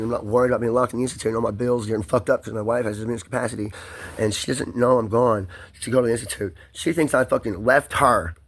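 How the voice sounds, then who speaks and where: A man's voice: mid-range voice, breathy edge. A man in an emotional personal monologue, agitated and rambling, swearing often and repeating words as he pushes through strain.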